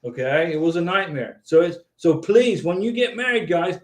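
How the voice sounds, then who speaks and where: An older man in his sixties chats on a live stream in an earnest, folksy way, repeating himself and tagging his lines with "okay". His voice sits fairly high for a man. The room around him is echoey. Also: animated, normal speed. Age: 60s. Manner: earnest, repetitive, folksy, tags lines with 'okay'. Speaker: host of an immigration advice live stream. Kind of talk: casual live-stream chat.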